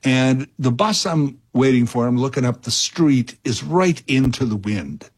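A man filling in as radio host, chatting and telling a story in a rambling, self-interrupting way that grows animated. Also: medium pitch, unhurried, husky. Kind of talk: casual radio talk and storytelling.

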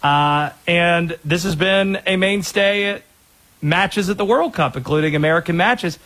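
A man co-hosting a casual chat, animated and jokey, tossing in quick impressions. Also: high-pitched.

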